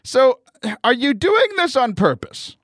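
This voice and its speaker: A man's voice: very high-pitched, very animated, a little slow, a bit bright, no echo. A man from the United States hosting a podcast in casual interview chat, chatty and jokey, often restarting his sentences. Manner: chatty, jokey, stumbles over starts. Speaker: podcast host.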